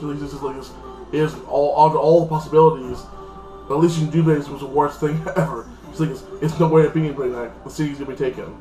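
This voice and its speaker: A man's voice: medium pitch, darkish tone. A man giving a casual, rambling spoken recap of a TV episode, full of fillers and restarts. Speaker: TV episode reviewer. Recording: echoey room, faint guitar music.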